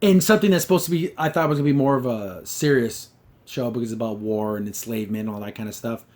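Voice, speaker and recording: A young man hosting a casual review of a cartoon episode, sarcastic and mocking scenes with quick put-on voices. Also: medium pitch, a little mellow.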